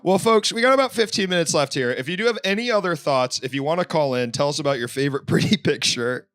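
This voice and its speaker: A man's voice: fairly high pitch, expressive, quick pace, a bit bright. Guy hosting a chat show, rambly, lots of likes and restarts, voice all over the place. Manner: rambling, many fillers and restarts. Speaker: host. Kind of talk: casual chat.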